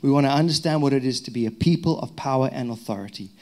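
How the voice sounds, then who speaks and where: A man from Zimbabwe with a Zimbabwean accent, a pastor giving a lively sermon with humorous stories. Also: medium pitch, fast talker. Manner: lively, humorous storytelling with prayer. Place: church hall.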